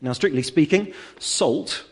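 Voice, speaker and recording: A man's voice: fairly high pitch, expressive, measured pace, husky. A man preaching a sermon to his church, explaining scripture earnestly with rhetorical questions and emphatic repetition.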